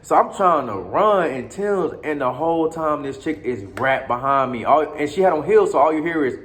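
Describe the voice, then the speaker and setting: Over a noisy background, a man with a fairly high, animated voice spins a long tale about living abroad at normal speed. The telling is casual and slangy, full of swearing, false starts and side remarks to his listener.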